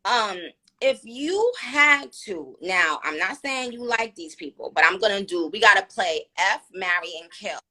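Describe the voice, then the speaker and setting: In a mid-range voice at a measured pace, with hardly any pauses, a New York woman hosts a live stream. The talk is casual, chatty and animated, thick with fillers.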